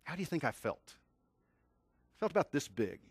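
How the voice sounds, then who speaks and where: A man's voice: a little high, sing-song, normal speed, slightly rough, no room sound. A man in his fifties from Tennessee gives a motivational talk on communication. He tells a personal story with energy and poses questions to the audience. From Tennessee, USA. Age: 50s. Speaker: communication skills speaker.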